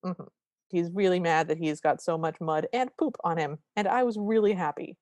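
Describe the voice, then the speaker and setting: A woman's voice: fairly low pitch, normal speed, a little mellow, no room sound. A woman co-hosting a podcast, casually recapping a movie scene by scene and acting out the characters' lines. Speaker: podcast co-host.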